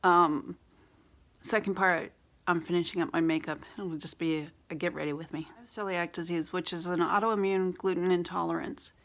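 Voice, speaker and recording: A woman beauty vlogger with a raspy voice, candidly telling a personal story in a rambling vlog with many fillers. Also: on the low side, steady tone, moderate pace, fairly bright tone.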